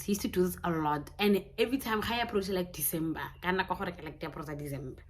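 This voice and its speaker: A woman's voice: deep voice, a little fast, slight background noise. A young South African woman telling a personal story in a candid, casual way, laughing often. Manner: candid, mixing in Setswana phrases, laughing often. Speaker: YouTuber.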